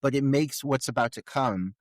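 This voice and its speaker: A man co-hosting a podcast, talking through a film in relaxed chat, full of filler words. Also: medium pitch, moderate pace, no echo, clean studio sound. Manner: conversational, many filler "like"s. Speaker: podcast co-host. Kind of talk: casual film discussion.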